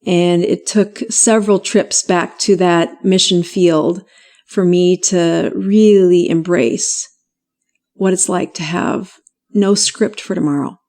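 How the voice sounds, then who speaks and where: Give me a middle-aged woman doctor with a lower voice, telling her story in an interview with lively quoted voices. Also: takes it slowly. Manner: animated, laughs often, acts out quoted voices. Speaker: physician guest.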